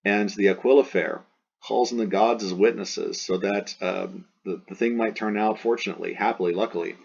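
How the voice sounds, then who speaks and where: A man with a low, husky voice walks through a Latin passage in a relaxed teaching manner. He thinks aloud and weighs several renderings for each word. The recording sounds dull and lo-fi. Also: moderate pace. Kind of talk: casual recorded Latin translation lesson.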